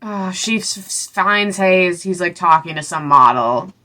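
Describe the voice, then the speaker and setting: Chatty, sarcastic young woman with a bright voice. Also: fairly low pitch, expressive. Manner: sarcastic, chatty, full of "like" and asides; acts out characters' lines in quick voices. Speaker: book reviewer. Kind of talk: casual recap.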